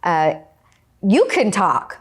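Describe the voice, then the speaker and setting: A woman's voice: lowish voice, big pitch swings, slow pace, husky. A woman hosting a podcast interview, asking questions in an encouraging, affirming way. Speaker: podcast host. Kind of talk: conversational interview.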